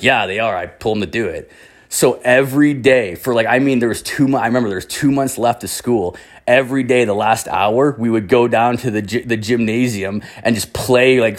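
A young man telling a long casual story, swearing constantly and filling his speech with "like.". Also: mid-range voice. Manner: profane, rambling, heavy use of filler "like".

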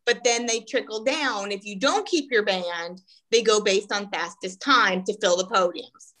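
A woman's voice: mid-range voice, unhurried, fairly bright tone, rough recording. A woman hosting a podcast, chatting casually and laying out the next topic. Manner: brief affirmations, then explains topics. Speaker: podcast host. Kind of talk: casual chat.

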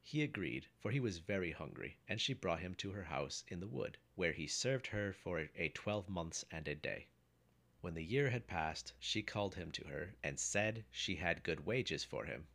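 A man with a very deep voice reads an old folk tale aloud. His delivery is measured and steady, the manner of a practiced storyteller. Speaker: narrator.

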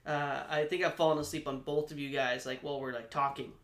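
Bright-voiced man in an echoey room. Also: fairly high pitch, flat delivery, quick pace. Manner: loose, rambling and profane. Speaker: podcast co-host. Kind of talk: casual beer-tasting banter.

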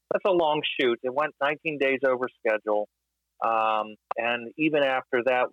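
A man talking through film history in a casual podcast discussion, thoughtful and measured, with many fillers. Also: mid-range voice, no room sound, dull audio.

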